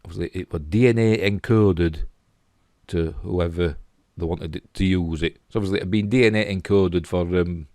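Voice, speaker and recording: A man's voice: low voice, moderate pace, warm tone, dry recording. A middle-aged man with a Yorkshire accent, rambling casually and chuckling as he comments on pictures. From England. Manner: chatty, rambling, chuckling asides. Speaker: host.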